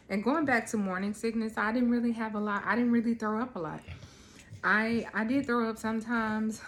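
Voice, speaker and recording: A woman in her thirties talking casually to camera at home, relaxed and rambling with lots of ums. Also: mid-range voice, a little hiss or hum. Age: 30s. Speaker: vlogger. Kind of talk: casual chat.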